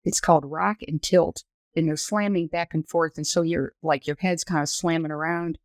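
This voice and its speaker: A woman in her sixties, a former astronaut guest on a podcast, telling her story in a detailed, measured, explanatory way. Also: sits low, fairly even intonation, dry recording. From United States. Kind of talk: conversational storytelling interview.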